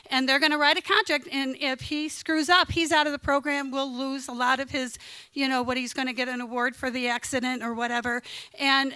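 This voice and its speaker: A middle-aged woman tells a true story on stage. She is chatty and frank. Her voice sits high and sounds bright, smooth and clear, with a dry, close sound. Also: no room sound, low-quality recording. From Chicago, USA. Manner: chatty and frank, quotes people in dialogue. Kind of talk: live personal storytelling. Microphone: stage microphone.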